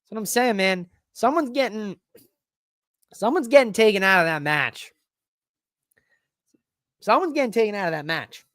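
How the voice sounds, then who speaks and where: Excitable male podcast host, higher voice. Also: normal speed, long pauses, no room sound, studio quality. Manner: excitable, rambling, swears freely. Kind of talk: casual solo wrestling recap.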